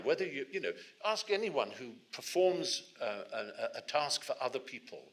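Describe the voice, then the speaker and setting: A man's voice: medium pitch, very animated, normal speed, hardly any pauses, fairly bright tone. A man in his sixties from England, speaking to a student audience as guest speaker, telling anecdotes with frequent restarts. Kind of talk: storytelling talk to a student audience. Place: lecture hall.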